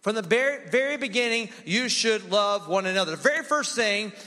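Energetic high-voiced pastor preaching in a hall. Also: male voice, fairly quick. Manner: energetic, call-and-response with congregation. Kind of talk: sermon. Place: church sanctuary. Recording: long hall reverb.

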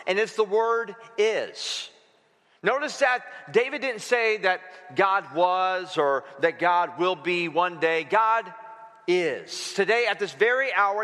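Bright-voiced man preaching a sermon. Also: high-pitched. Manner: conversational, playful preaching with call-and-response. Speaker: pastor. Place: church sanctuary. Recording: hall reverb.

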